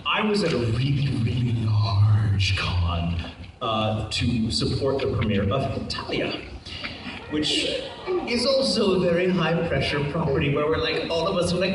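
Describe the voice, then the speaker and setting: Animated male storyteller in an echoey hall. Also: a little high, normal speed, crowd noise. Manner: animated storyteller, laughs often. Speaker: voice actor panelist. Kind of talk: convention panel storytelling. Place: large convention hall. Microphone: stage mic from a distance. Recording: echoey hall recorded from far off on a phone.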